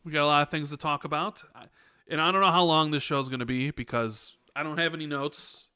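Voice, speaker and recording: Bright, crisp-voiced man chatting casually. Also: fairly high pitch, fairly even intonation, brisk, no room sound, clean studio sound. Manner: loose, rambling, many fillers. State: sore back. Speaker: podcast co-host. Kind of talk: casual podcast chat.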